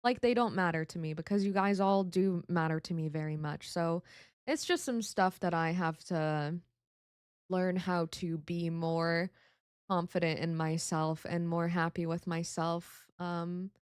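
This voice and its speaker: A woman's voice: fairly low pitch, fairly even intonation, a little slow, clean tone, no echo, clean studio sound. A woman streamer chatting casually with her viewers, candid and emotional, swearing freely and mocking herself. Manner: reads and answers viewer chat. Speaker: VTuber streamer. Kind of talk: casual live-stream chat.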